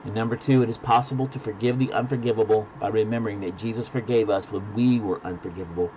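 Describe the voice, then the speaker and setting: A man preaching a sermon as pastor, dropping to hushed, deliberate lines and building to loud emphasis. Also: lowish voice, fairly even intonation, lo-fi sound, a little hiss or hum. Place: virtual church service.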